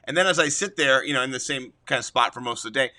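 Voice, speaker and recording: A man's voice: mid-range voice, fast, bright, forceful tone. A man co-hosting a casual fantasy football podcast, telling stories in an enthusiastic, jokey way. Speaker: podcast co-host. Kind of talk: casual sports chat.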